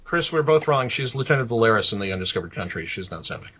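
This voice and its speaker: A man co-hosting a casual movie podcast, playful and quick with quips. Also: mid-range voice, lively intonation, lo-fi sound, over a noisy crowd. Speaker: podcast co-host.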